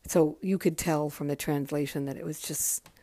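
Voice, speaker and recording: Low-voiced, profane woman podcaster. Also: fairly even intonation, moderate pace, dark tone, no echo. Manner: candid and profane, rambling with frequent ums. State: tired, yawning. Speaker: podcast host. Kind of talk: casual solo podcast chat.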